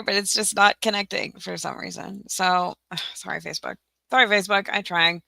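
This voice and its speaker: Flustered woman on a livestream, bright voice with lots of fry, muttering to herself and saying sorry a lot. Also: on the low side, normal speed, no echo. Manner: flustered, apologetic, talking to herself; laughs often. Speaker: livestream host for teaching-resource sellers. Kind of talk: casual livestream chat.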